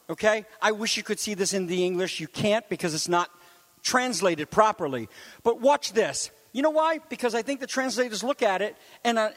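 High-voiced preacher in an echoing hall. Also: male voice. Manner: animated, building to shouts on key phrases; conversational asides to the congregation. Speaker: pastor. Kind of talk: sermon.

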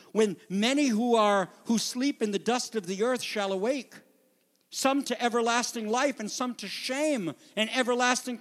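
A man preaching a sermon as pastor, moving between hushed, near-whispered passages and urgent, rising appeals to his congregation. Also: very high-pitched. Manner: dramatic, drops to a near whisper for quiet passages and rises to urgent calls. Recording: long hall reverb.

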